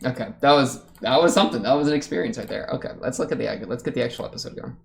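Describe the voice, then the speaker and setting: A man's voice: mid-range voice, racing, vocal fry. A young man casually commenting while watching an anime episode, chatty and rambling, laughing often. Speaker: reaction streamer.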